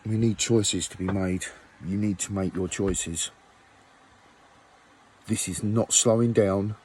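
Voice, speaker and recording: A man's voice: fairly low pitch, fairly even intonation, slow, a little mellow, a little hiss or hum. A man ranting angrily at his viewers, swearing often and firing off rhetorical questions. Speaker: musician vlogger. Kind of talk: angry rant to camera.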